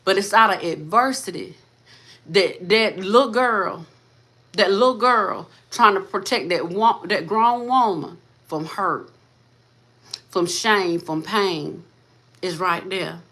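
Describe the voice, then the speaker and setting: Speaking slowly, this motivational channel host has a mid-range voice that sounds pushed and bright. Her faith-based talk is fervent and full of repeated lines, and she addresses listeners as "sis" and "baby".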